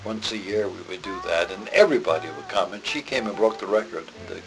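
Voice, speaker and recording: An older man from England, a former radio host telling lively stories from his career in an interview. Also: deep voice, fast, creaky, rough recording. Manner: lively storytelling. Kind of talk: reminiscing interview.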